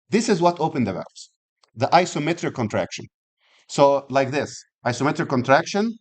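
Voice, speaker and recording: A man teaching an anatomy class, explaining step by step, checking in with frequent rhetorical questions and restarting phrases. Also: fairly high pitch. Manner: uses physical demonstrations while explaining. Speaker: anatomy and physiology instructor. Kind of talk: classroom lecture.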